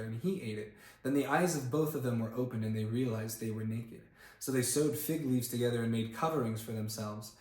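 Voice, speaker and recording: A man's voice: mid-range voice, darkish tone. Casual man reading scripture aloud in an echoey room. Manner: reads aloud with plain emphasis, stops to look up words and comment. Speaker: Bible reader and channel host. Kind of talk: casual Bible reading on camera. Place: indoor room, filmed on camera.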